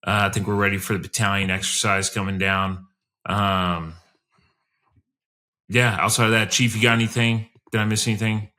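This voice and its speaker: A man co-hosting a podcast, giving a deadpan mock military brief in a clipped way. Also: lowish voice, normal speed. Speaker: podcast co-host.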